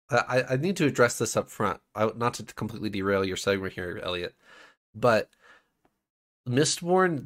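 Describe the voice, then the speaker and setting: A man's voice: fairly low pitch, fairly bright tone. A man co-hosting a podcast, chatty and explanatory, stammering a little as he corrects pronunciations. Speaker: podcast co-host. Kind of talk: casual chat.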